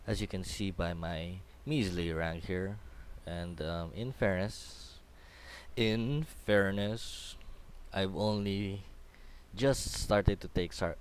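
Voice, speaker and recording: A man's voice: low voice, smooth. A young man with a Filipino accent, rambling casually through a game tutorial with lots of ums and restarts. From Philippines. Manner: chatty, rambling, many fillers and restarts. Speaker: gaming tutorial host. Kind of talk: casual game commentary over replay.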